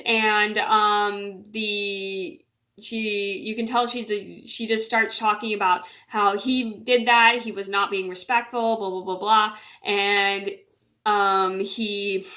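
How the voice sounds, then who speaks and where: A woman's voice: mid-range voice, sharp tone. A woman casually telling a rambling personal story to camera, with many fillers, restarts and repeated "blah, blah". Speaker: storyteller vlogger.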